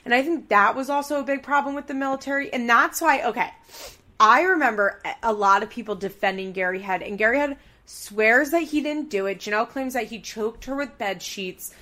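A woman's voice: on the high side, a little fast, sharp tone. Woman, podcast co-host, casual chat, filler-heavy, thinking aloud. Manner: chatty, many fillers, talks through hunches.

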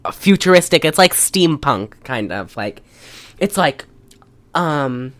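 Low-voiced rambling woman podcaster. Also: very animated, takes it slowly. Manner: rambling, many fillers and "like"s. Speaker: podcast host. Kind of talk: casual chat recapping a film.

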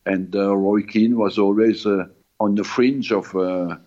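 A man whose first language is not English, a former football manager answering radio interview questions slowly, with many pauses and fillers. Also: on the low side, fairly even intonation, mellow. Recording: muffled lo-fi line.

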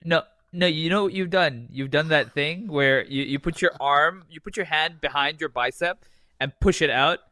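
A man's voice: a little high, normal speed, sharp tone, no echo. A man co-hosting a podcast in casual chat, joking and swearing a lot. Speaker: podcast co-host. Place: hot desert city.

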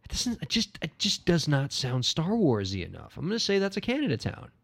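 Gravelly male podcast co-host. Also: fairly high pitch, wildly swooping pitch, brisk, a bit bright. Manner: dry, playful, plays along. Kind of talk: casual comedic banter.

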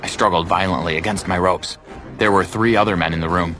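A man with a low voice narrates a first-person story in a measured, dramatic way. Clear music runs steadily behind him. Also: steady tone.

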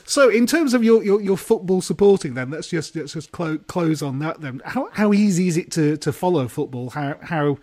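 A man's voice: fairly high pitch, expressive, normal speed, hardly any pauses, darkish tone. A man hosting a podcast, asking long, loose questions with light laughs. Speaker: podcast host. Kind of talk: casual interview.

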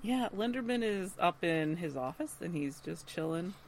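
A woman's voice: lowish voice, animated, moderate pace, a little hiss or hum. A woman co-hosting a podcast, animatedly retelling a TV episode and laughing often. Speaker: podcast co-host. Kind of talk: casual episode recap.

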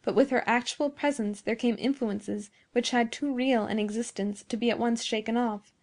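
A woman narrating a nineteenth-century story in a measured storytelling manner. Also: fairly high pitch, steady tone, a little mellow. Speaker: audiobook narrator. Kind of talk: scripted narration.

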